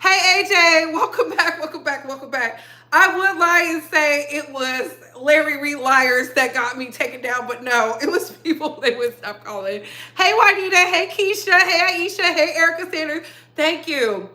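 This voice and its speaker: Bright, high-voiced woman live-streaming chat. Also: moderate pace. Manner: chatty, laughs often, greets chat viewers by name. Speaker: livestream host. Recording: echoey room.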